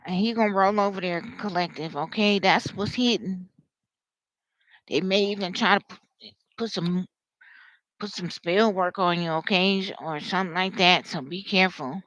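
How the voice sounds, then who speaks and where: A woman giving a live tarot reading, talking to viewers in an animated, slangy way. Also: lowish voice, moderate pace, no room sound, dull audio. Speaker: tarot reader.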